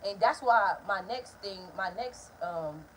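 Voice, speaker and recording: A young woman vlogger telling a story, blunt and profane in an animated casual storytime. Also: medium pitch, a little slow, a little hiss or hum, poor audio.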